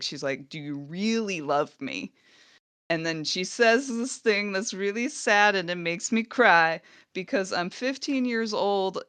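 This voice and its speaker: Low-voiced, smooth woman recapping a show. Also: a bit bright, dry recording. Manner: laughing often, acting out quoted lines. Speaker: podcast co-host. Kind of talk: casual recap chat.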